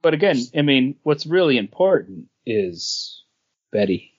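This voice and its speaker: A man's voice: mid-range voice, big pitch swings, measured pace, slightly rough, lo-fi sound. A man co-hosting a casual comics podcast, chatting in an easygoing, agreeable way. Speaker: podcast co-host.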